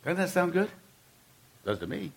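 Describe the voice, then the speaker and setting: A man's voice: sits high, sing-song, moderate pace, vocal fry. A man preaching a sermon as pastor, talking to the congregation in an emphatic, conversational way and driving points home with repeated phrases.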